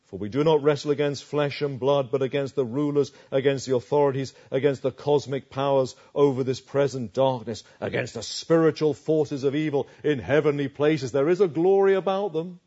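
A male preacher giving an emphatic sermon, swinging from loud declarations to hushed asides. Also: medium pitch, moderate pace, few pauses, lo-fi sound.

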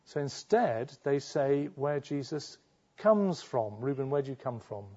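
A man's voice: medium pitch, sing-song, a little slow, mellow, muffled recording, slight background noise. A man preaching a sermon, asking his listeners rhetorical questions and acting out the voices he quotes.

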